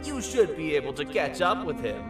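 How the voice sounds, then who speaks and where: A voice actor playing a calm horror-game guide character who explains matter-of-factly, heard from a distance under loud game music. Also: medium pitch, fairly quick, close to an everyday voice. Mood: explaining. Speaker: game character giving instructions.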